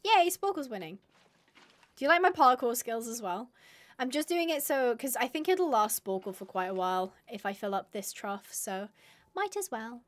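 Excitable high-voiced woman gamer. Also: moderate pace. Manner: excitable, squealing bursts, reads chat aloud. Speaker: live-stream gamer. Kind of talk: casual live-stream chatter while playing.

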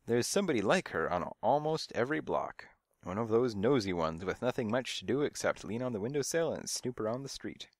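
A man's voice: medium pitch, very animated, brisk, no echo, clean studio sound. Man narrating a wry detective story. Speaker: audiobook narrator. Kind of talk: first-person storybook narration.

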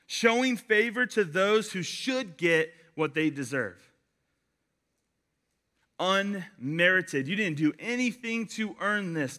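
A young man giving a casual youth sermon, chatty and animated, telling stories with lots of fillers. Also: high voice. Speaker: youth pastor.

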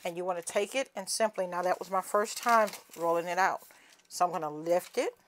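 A woman's voice: on the low side, brisk, slight background noise. Folksy Southern woman teaching home cooking. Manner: folksy, chatty, calls viewers honey and cousins. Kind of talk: casual cooking demonstration.

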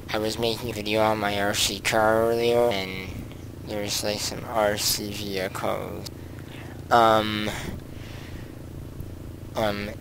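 A man's voice: fairly low pitch, a little hiss or hum, rough recording. A young man narrating a car-crash video game casually, rambling with many ums and giggles, and he has the hiccups. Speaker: gaming channel host. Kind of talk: casual gameplay commentary.

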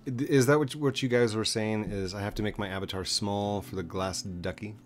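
A man streaming a building game, rambling to himself as he builds and greeting viewers in a high squeal. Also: fairly even intonation, brisk, noisy background. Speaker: gaming streamer. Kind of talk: casual gameplay chat. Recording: clear background music under voice. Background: background music.

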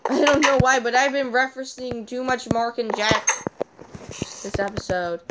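A woman hosting a casual let's-play, rambling and excitable, chatting to the animals and repeating her sign-off. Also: a little high, normal speed. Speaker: gaming channel host. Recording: audible clicking noise behind voice.

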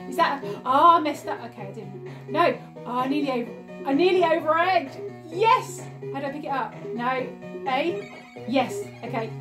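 Over music, a woman whose voice sits high speaks at a measured pace, filming on her phone at home. She unboxes something and plays a retro game, chatting excitedly with plenty of gushing, squeals and laughter.

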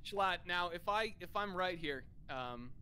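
A man's voice: high-pitched, animated, measured pace, sharp tone, slight background noise. A man in casual gaming chat, playfully teasing and accusing the others. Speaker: gamer.

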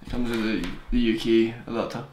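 A young man reviewing a gadget on camera in a fast, joking, rambling way. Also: medium pitch, little pitch movement. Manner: fast-talking, joking, digressive. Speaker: tech reviewer. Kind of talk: casual rambling product review. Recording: echoey room, faint hiss.

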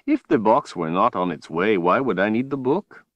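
A man voicing a slow, mocking tyrant wizard. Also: lowish voice, expressive, no echo, lo-fi sound, pitched above the performer's own voice. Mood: taunting. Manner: slow, taunting, drawn-out delivery. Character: menacing, mocking male tyrant wizard, smooth and cruel. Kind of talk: audiobook character voice.

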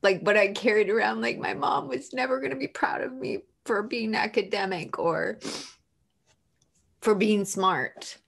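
A woman's voice: mid-range voice, unhurried, gravelly, crowd noise. A woman, a guest author, telling a personal story in an open, emotional way and acting out the voices she quotes.

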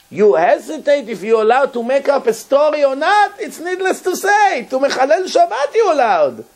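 Rabbi lecturing, fairly high voice, gets animated and repeats stuff. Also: male voice. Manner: animated, emphatic storyteller, repeats words. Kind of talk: storytelling Torah lecture.

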